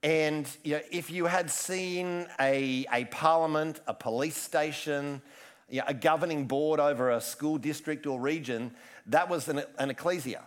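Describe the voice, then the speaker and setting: A man's voice: fairly high pitch, normal speed. A man preaching a casual sermon, chatty and joking, often restarting his sentences. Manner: chatty, self-interrupting, joking asides. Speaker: pastor.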